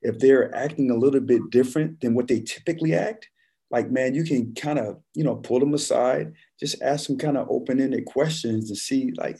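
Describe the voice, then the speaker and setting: A man telling stories in a relaxed, conversational way as a podcast guest, saying "man" constantly. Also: mid-range voice, normal speed, gravelly, husky. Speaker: podcast guest, former football player. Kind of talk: casual conversation, storytelling.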